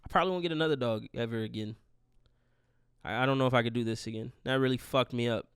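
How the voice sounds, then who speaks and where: A man's voice: medium pitch, fast, fairly bright tone, clean tone, no room sound, clean studio sound. A young man hosting his podcast alone, in a profane, rambling rant. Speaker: podcast host. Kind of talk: casual solo monologue.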